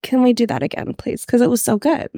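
A young woman co-hosting a podcast in casual chat, giggly and animated, swearing freely. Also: a little high, fast talker, no echo, clean studio sound. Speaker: podcast co-host.

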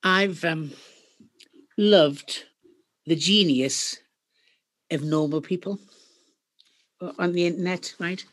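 A middle-aged woman with a Geordie accent, a podcast guest telling stories in a chatty, animated way. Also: on the low side, slow pace, long pauses. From Northeast England. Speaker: guest, company founder. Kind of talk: podcast interview.

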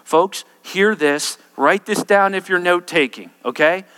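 A male preacher with a high, bright voice delivers an emphatic sermon. He keeps turning to his listeners to check that they are following. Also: a little slow, clear, resonant tone, in a large hall. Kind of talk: expository sermon.

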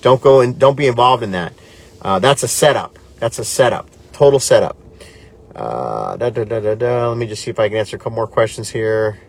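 A man's voice: medium pitch, fast. A man, a pastor hosting a live stream, talking earnestly and reading out viewer comments in a loose conversational way. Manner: earnest and conversational, drifting between animated and quiet. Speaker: pastor, livestream host.

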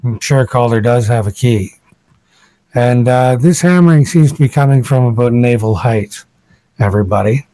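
Man, game master, casual descriptive narration, dry close sound, mid pitch. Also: moderate pace, warm tone, dry recording.

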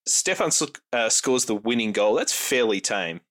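A man hosting a podcast, recapping a film plot in casual, wry chat. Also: normal speed. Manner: wry, joking recaps with lively pitch. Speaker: podcast host. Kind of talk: casual movie review chat.

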